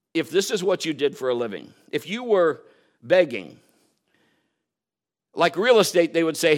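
A man preaching a sermon, telling a personal story, acting out quotes and laughing at himself. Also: a little high.

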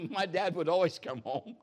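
Man, middle-aged, pastor, humorous sermon, slightly high voice, lively, laughs a lot, loud-then-soft delivery. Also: slow, breathy edge. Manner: animated, jokey, laughs often, swings loud and soft. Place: church.

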